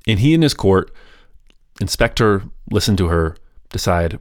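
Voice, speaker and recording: A podcast host telling a history story in a casual, chatty way, with wry grumbling asides. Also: male voice, low voice, lively intonation, normal speed, no echo, clean studio sound.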